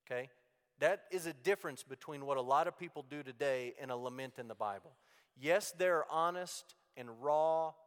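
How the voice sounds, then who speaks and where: A man teaching from the Bible in a plain-spoken, emphatic way, hitting key words hard and dropping low for asides. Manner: plain-spoken and emphatic, with sudden loud stresses and quiet asides. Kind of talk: sermon-style Bible teaching. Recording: long reverb of a large hall.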